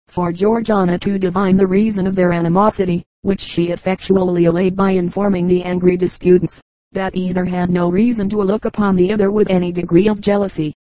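A woman reads an old book aloud for an audiobook at a measured, even pace. Her voice is mellow and low-key, and the recording is dry with no room sound. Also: no echo, poor audio. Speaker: audiobook narrator. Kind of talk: scripted narration of an old book.

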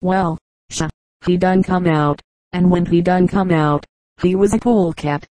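A woman's voice: on the low side, steady tone, unhurried, mellow, dry recording, close to an everyday voice, poor audio. A woman reading as a mournful old rural man. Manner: heavy rural dialect, melancholy.

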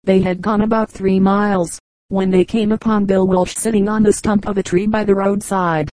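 Calm lady reading an old novel aloud, warm mellow voice, dry close mic. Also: medium pitch, dry recording, poor audio. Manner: calm, measured storytelling. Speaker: audiobook narrator. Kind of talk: scripted narration.

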